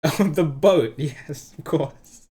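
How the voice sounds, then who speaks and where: Low-voiced woman streamer playing a game. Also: takes it slowly, warm tone. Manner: reads game dialogue aloud, giggly asides. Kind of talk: casual let's-play commentary. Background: game music.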